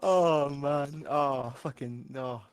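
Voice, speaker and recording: A Scottish man, a streamer, telling anecdotes in casual chat, animated and swearing freely. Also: medium pitch, slow pace, smooth, dry recording. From Scotland.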